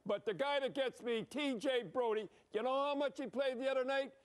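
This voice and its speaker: Older man, high-pitched, blunt and rambling hockey commentator. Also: brisk. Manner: blunt, emphatic, rambling, with frequent "eh?". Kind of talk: excited hockey commentary over replays.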